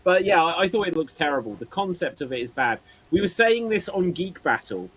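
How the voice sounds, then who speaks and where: A man's voice: sits high, fairly quick, slight background noise, rough recording. A man hosting a live geek panel show, chatting animatedly and often restarting his sentences. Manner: animated, trips over words and restarts. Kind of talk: casual panel chat on a live stream.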